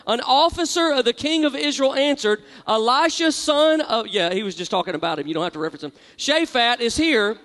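A man preaches a sermon in a large church, his voice unusually high. He reads scripture aloud and calls out for the congregation to repeat after him. A long hall reverb trails his words. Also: animated, a little fast, few pauses, fairly bright tone. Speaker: pastor.

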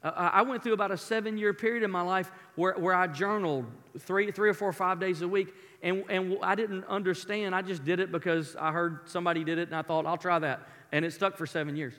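A man delivering a sermon in a high, bright voice that carries through a large reverberant hall. He swings from fervent, near-shouted emphasis to a hushed, confiding tone. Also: fairly even intonation, fairly quick, hardly any pauses. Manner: impassioned, rising to near shouting then dropping to a soft intimate tone. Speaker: pastor. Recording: long hall reverb, preaching in a large room.

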